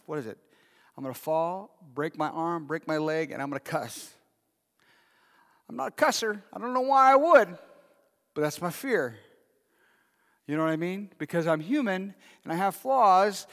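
A man's voice: a little high, a bit bright. A man preaching a sermon as pastor, talking in a conversational way and asking the congregation questions. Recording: long hall reverb.

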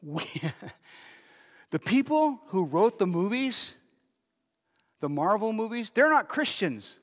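A man's voice: high-pitched, sing-song, takes it slowly. A man preaching a sermon as pastor, talking in a conversational way and asking the congregation questions. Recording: long hall reverb.

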